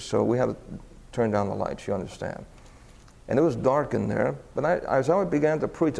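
A man's voice: medium pitch, gravelly, big-room sound. A man preaching a sermon and telling stories, his voice climbing sharply when he acts out the people in them. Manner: animated, voice rising for quoted exclamations. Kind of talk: sermon storytelling.

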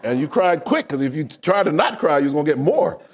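A man preaching a sermon, asking the congregation questions and rising to shouts for emphasis. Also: on the high side, fast talker, slightly rough. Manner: animated preaching with call-and-response questions.

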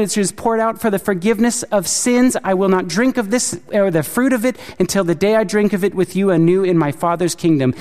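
A man's voice: on the high side, darkish tone. Earnest male preacher in a reverberant hall. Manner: earnest, asks the listeners many questions. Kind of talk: sermon.

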